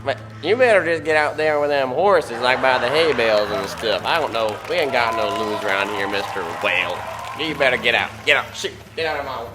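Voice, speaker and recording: A man's voice: mid-range voice, animated, a little fast, music in the background, lightly acted. Man voicing a blustering cowboy barkeep, brash drawl, bossy, comedy skit. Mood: bewildered. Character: blustering cowboy saloon owner.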